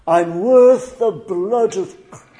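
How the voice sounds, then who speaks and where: A male preacher delivering a sermon, slow and emphatic, often dropping to near whispers. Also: high voice, mellow.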